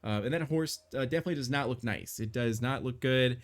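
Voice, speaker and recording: A man voicing a welcoming female carriage hostess in a tabletop game, in a casual, halting way full of fillers. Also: medium pitch, close to an everyday voice.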